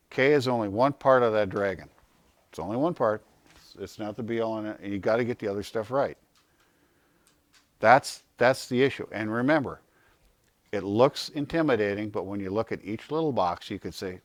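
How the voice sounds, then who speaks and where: A man's voice: on the low side, normal speed, pauses often, dry recording. A man giving an informal health talk to a small audience, telling stories and asking himself questions, then answering them. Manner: animated storyteller, acts out quotes in a raised voice; asks and answers his own questions.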